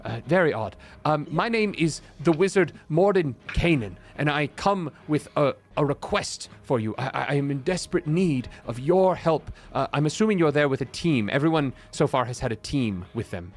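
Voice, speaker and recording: A man's voice: fairly high pitch, expressive, normal speed, hardly any pauses, pitched above the performer's own voice. A man putting on the flustered wizard Mordenkainen. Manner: stammering, polite, slightly lifted voice. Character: famous older male wizard, flustered and urgent.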